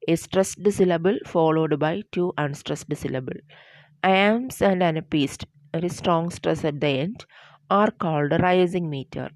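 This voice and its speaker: A woman with a low, deep voice gives a lecture, reading her material aloud at a steady, deliberate pace. She stumbles and restarts now and then. The sound is dry and close, with no room echo. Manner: steady, deliberate delivery with small slips and restarts. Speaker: teacher. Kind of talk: lecture on poetic meter, reading from notes.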